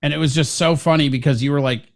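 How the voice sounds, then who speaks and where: A man co-hosts a casual show. He tells loose, rambling stories and swears often. His voice sits a bit high. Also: steady tone, fast talker. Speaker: co-host. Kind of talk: casual radio show banter.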